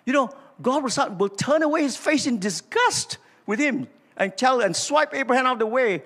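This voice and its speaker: A man's voice: very high voice, fairly quick. An older man with a Malaysian English accent preaching a sermon, acting out dialogue and calling on the congregation to respond. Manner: animated storytelling, acts out dialogue, asks congregation to respond. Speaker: pastor. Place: large church auditorium. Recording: reverberant church hall.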